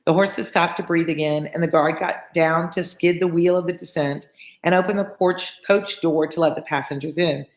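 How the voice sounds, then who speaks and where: A woman's voice: fairly low pitch, fairly even intonation, moderate pace. A woman tutor reading a classic novel aloud, stopping for chatty asides that explain old words plainly. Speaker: read-along tutor. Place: home room with a fan on. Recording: echoey room.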